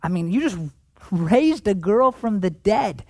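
A man preaching a sermon as pastor, in a conversational way that swings between animated emphasis and hushed, tender passages. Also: high voice, measured pace, dry recording.

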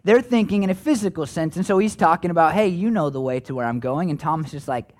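A man's voice: fairly high pitch, animated, quick pace, a little mellow. A man preaching a sermon in a conversational, folksy way with playful asides. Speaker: pastor.

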